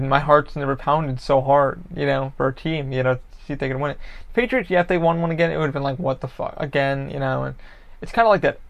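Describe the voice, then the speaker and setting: Gravelly-voiced young male podcaster, loose profane ramble, somewhat high pitch, dull lo-fi sound. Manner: rambling, profane, animated sports talk. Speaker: podcast host. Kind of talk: casual solo ramble.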